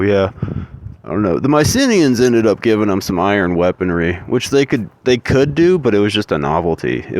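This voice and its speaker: A man in a rambling, profane, ranting monologue. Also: deep voice.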